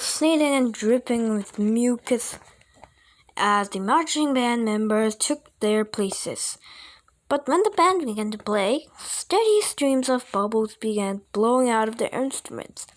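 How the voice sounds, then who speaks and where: A woman with a fairly high voice reads a children's story aloud at an unhurried pace. She reads playfully and breaks off now and then for little chatty asides. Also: animated. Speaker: audiobook reader. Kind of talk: reading a children's book aloud.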